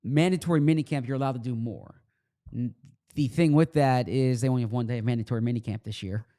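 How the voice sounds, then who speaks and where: A man's voice: mid-range voice, fast, warm tone. Man with a Philadelphia accent. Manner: conversational, explains with repeats and restarts. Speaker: sports podcast co-host. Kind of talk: casual chat.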